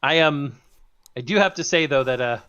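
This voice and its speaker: A man co-hosting a casual chat about game trailers, animated and quick to laugh, with halting restarts. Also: fairly high pitch, clear, resonant tone, dull audio. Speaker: co-host.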